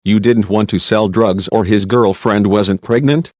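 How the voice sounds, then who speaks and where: A man's voice: on the low side, fairly even intonation, unhurried, a little mellow, no room sound, close to an everyday voice. A man voicing a persistent female defense lawyer who asks pointed, repeated questions in a deposition. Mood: pressing. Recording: dull lo-fi dry recording.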